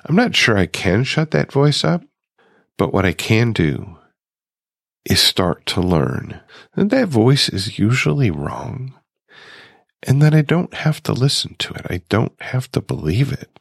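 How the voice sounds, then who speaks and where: A man's voice: mid-range voice, big pitch swings, measured pace, vocal fry, no room sound, studio quality. A middle-aged man hosting a recovery podcast, talking reflectively and putting questions straight to his listeners. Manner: musing, conversational, asks listeners direct questions. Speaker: podcast host. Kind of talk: reflective solo podcast monologue.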